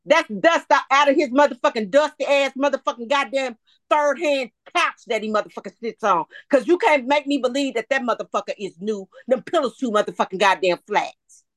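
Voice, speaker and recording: A woman's voice: high-pitched, a little fast, no echo. A woman ranting in heated, profane casual chat on a podcast.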